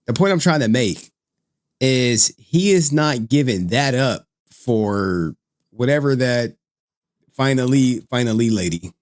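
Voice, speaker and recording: A man's voice: mid-range voice, expressive, slow pace, dry recording, clean studio sound. A man hosting a clip channel, giving rambling, slangy commentary over an interview. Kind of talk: casual commentary.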